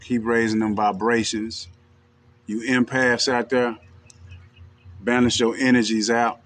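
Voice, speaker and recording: A man with a Texan twang talks to his livestream audience in a loose, direct and unhurried way, sprinkling in "you know what I'm saying". His pitch sits in the middle of the usual male range. Faint noise hangs behind him. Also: level tone, a bit bright. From Texas. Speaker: livestream host. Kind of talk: casual livestream talk.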